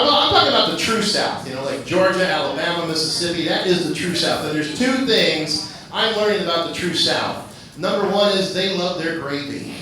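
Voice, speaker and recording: A man doing loose, profane stand-up comedy and teasing the crowd as host of a live open mic. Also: on the high side. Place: comedy club. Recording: echoey club, far from mic, audience noise.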